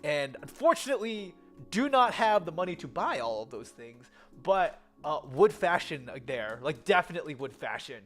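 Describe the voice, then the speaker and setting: A young American vlogger rambles about a trip in an easy, chatty way. The voice swings up and down with plenty of animation, and the talk is packed with fillers and quick self-corrections, while soft music plays underneath. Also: mid-range voice, sing-song. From United States. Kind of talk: casual travel vlog chat.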